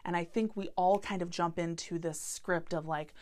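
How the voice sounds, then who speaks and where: A woman in her thirties hosts a solo podcast and speaks in a sincere, open-hearted way. Her voice sits a little low for a woman, and she talks candidly about hard feelings. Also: steady tone, normal speed, few pauses, darkish tone. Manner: earnest, heartfelt and openly vulnerable. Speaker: podcast host.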